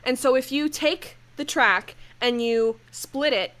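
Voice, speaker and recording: A woman's voice: high-pitched, slow, fairly bright tone. A young woman co-hosting a casual podcast, chatting loosely with many fillers and reading quoted lines aloud. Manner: chatty, reads quotes aloud, frequent "like" and laughs. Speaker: podcast co-host.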